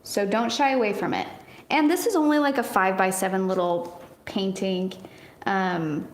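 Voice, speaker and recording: A woman in her thirties chatting warmly through a painting lesson, encouraging and quick to laugh. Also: medium pitch, echoey room, a little hiss or hum. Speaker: art teacher. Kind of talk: casual painting tutorial.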